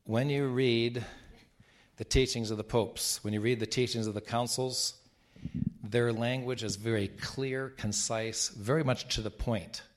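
A man's voice: mid-range voice, steady tone, measured pace. A man who is a Catholic bishop, telling rambling travel stories in a casual talk with frequent restarts. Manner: rambling anecdotes with laughs and restarts.

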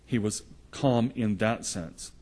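Male preacher, husky timbre, earnest storytelling sermon delivery. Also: fairly low pitch, takes it slowly, a little mellow. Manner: earnest storytelling, retelling gospel scenes in the present tense.

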